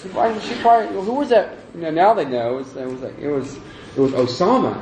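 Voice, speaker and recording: A man's voice: high voice, fast talker, noisy background. A man teaching a religious lecture to an audience, talking in a loose, conversational way with joking asides. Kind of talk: lecture with humor. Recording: roomy echoey lecture room.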